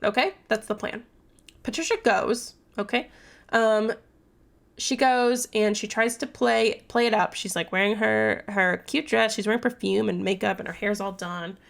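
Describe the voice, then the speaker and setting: A young woman vlogs a casual book recap, rambling and cursing freely. Her mid-pitched voice has a strong gravelly fry. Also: normal speed. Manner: chatty, rambling, profane, many fillers. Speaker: book vlogger.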